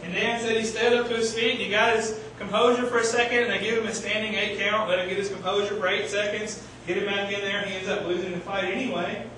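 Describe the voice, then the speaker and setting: A man preaching a sermon, telling animated stories and shouting out the lines he quotes. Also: high voice, fast talker, few pauses, slight background noise. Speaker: pastor. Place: church sanctuary. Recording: echoey church hall, mic at a distance.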